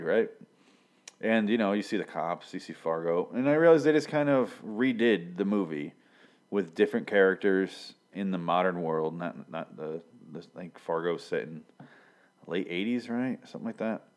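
Reviewing a TV show, this man from Michigan has a low voice with a darkish tone. His talk is loose and rambling, packed with profanity and filler words, and he corrects himself frequently.

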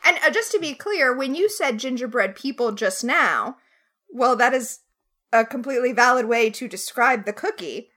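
A woman co-hosts a casual recap chat with a high, bright voice. She is opinionated and wry, with quick asides. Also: animated. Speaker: podcast co-host.

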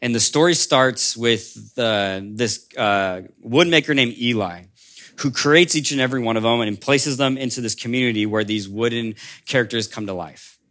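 A man preaching a sermon as a pastor, in a conversational storytelling way that drops soft for emphasis. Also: mid-range voice, moderate pace.

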